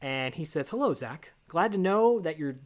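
A man co-hosting a casual podcast, telling a long story with lively asides and quoted voices. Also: on the high side, normal speed. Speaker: podcast co-host. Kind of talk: casual chat.

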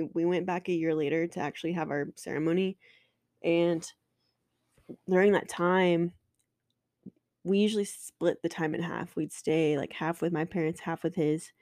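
A woman's voice: on the low side, darkish tone, dry recording, clean studio sound. A woman in her twenties, a podcast host telling a personal story candidly and emotionally, swearing and restarting often.

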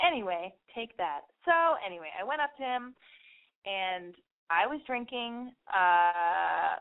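A woman hosting a radio show, telling stories in a casual, rambling monologue full of swearing. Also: lowish voice. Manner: profane, rambling and animated storytelling. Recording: tinny phone-like radio sound.

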